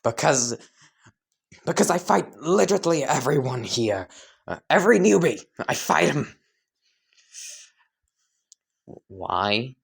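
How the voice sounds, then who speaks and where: A man voicing a hot-headed male demon who is always spoiling for a fight, loud and brash. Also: mid-range voice, sing-song, unhurried, gravelly, slightly rough, heavily acted. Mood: eager.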